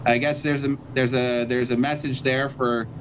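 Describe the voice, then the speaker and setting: A man's voice: mid-range voice, little pitch movement, moderate pace, slight background noise. A man from Canada, a rapper guest, telling stories in a rambling, filler-heavy casual interview over a video call. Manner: rambling storyteller, many fillers. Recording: dull lo-fi video call audio.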